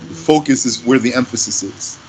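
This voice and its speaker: A man teaching Arabic grammar in English, explaining slowly and patiently and repeating his example phrases. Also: mid-range voice, darkish tone, a little hiss or hum, low-quality recording. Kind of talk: slow classroom explanation.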